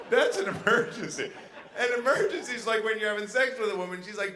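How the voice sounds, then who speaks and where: Brash, bright-voiced male stand-up comic. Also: high-pitched, slight background noise. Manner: brash, animated, jumping into quick voices. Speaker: stand-up comedian. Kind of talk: stand-up comedy set. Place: casino showroom stage. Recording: echoey venue with faint ambience.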